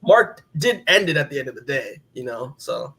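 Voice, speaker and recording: A man's voice: mid-range voice, big pitch swings, normal speed, bright, forceful tone, husky. A man casually recapping a comic book as a podcast co-host, rambling with lots of filler words and casual swearing.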